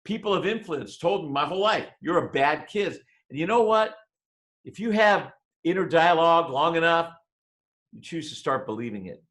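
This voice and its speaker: A man giving a motivational webinar talk, telling a personal story with dramatic swings between loud and hushed delivery. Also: on the high side, animated, normal speed. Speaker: motivational speaker. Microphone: webinar microphone.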